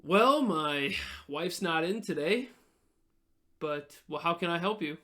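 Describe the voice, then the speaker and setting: A cheerful young innkeeper, put on by a man speaks in a folksy, welcoming way. The voice is bright and sits a little high. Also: lively intonation, slow pace, full character voice. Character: friendly young male innkeeper, short, cheerful.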